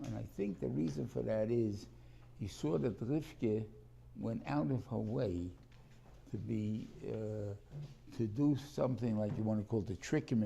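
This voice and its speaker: A man's voice: on the low side, creaky, warm tone, a little hiss or hum. A man teaching a Torah class in a rambling, conversational way, often restarting his sentences and mixing in Hebrew terms.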